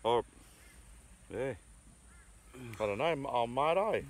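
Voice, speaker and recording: Australian bloke cracking crude jokes. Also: male voice, mid-range voice, expressive, takes it slowly. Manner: crude, slangy, joking banter. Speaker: beer review host. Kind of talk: casual outdoor beer tasting chat. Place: outdoors in the bush.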